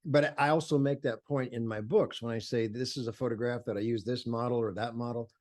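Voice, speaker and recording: A man's voice: mid-range voice, steady tone, brisk, darkish tone. An older man, a photographer, telling stories in an interview with enthusiasm, acting out the voices of people he quotes. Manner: enthusiastic, acts out quoted voices, many fillers and restarts. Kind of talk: animated storytelling in conversation.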